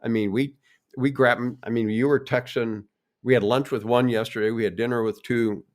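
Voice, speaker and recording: A man's voice: mid-range voice, steady tone, normal speed. An older man co-hosting a family podcast, folksy and encouraging in tone. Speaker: co-host. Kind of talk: casual podcast chat.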